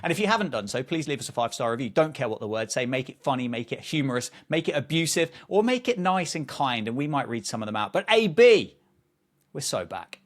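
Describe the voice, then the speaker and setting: Man, podcast host, casual chat, playful, rambling, enthusiastic, mid pitch. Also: expressive, fast talker, few pauses.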